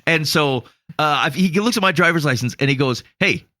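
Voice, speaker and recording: A man's voice: on the high side, brisk, bright, forceful tone, no echo, clean studio sound. A man from Iowa co-hosting a podcast, telling a long story casually and laughing at himself. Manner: rambling, self-mocking, laughs through his story. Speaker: podcast co-host.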